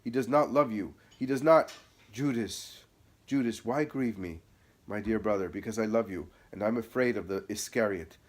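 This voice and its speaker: A man's voice: fairly low pitch, normal speed, natural voice. A man reading the part of an earnest apostle pleading with his cousin to beware of a false friend. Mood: grave. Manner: impassioned, pleading.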